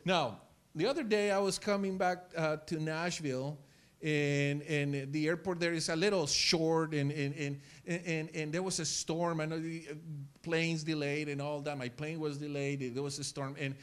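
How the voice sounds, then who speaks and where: A male pastor preaching a sermon in church, telling stories with lively acted-out scenes and repeating words as he gets excited. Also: fairly high pitch, moderate pace, clear, resonant tone. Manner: animated storytelling, acts out scenes.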